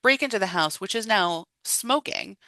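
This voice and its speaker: A woman's voice: medium pitch, moderate pace, no room sound. A woman co-hosting a podcast in casual chat, recapping a film with acted-out quotes and frequent laughs. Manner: animated retelling with acted-out quotes. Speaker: podcast co-host.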